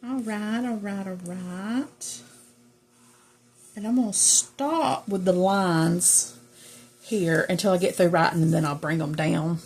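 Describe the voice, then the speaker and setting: A woman's voice: lowish voice, takes it slowly, darkish tone, slight background noise. A middle-aged woman with a Southern US accent, chatting casually and rambling to viewers while she journals. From Southern United States. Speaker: journaling vlogger. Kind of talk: casual chat while crafting.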